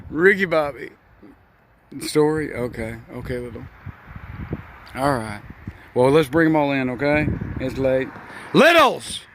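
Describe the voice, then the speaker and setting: A man's voice: medium pitch, steady tone, unhurried, long pauses, slight background noise. Folksy older grandfather telling bedtime tales. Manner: folksy, chatty, affectionate, laughs often. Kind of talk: bedtime storytelling vlog.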